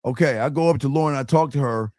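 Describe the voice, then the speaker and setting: A man's voice: mid-range voice, fast, darkish tone, no room sound, studio quality. A man hosting a crude advice talk, brash, mocking and emphatic, swearing often. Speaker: host.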